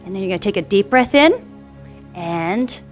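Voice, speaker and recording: A woman instructor gently guiding children through a yoga class with encouraging, sing-song cues. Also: medium pitch, expressive, normal speed, faint music behind.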